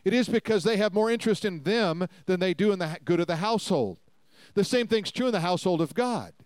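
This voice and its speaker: High-voiced man preaching, clear and dry. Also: animated, quick pace, a little mellow, no room sound. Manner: reads scripture aloud and expounds with emphatic repetition. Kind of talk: sermon.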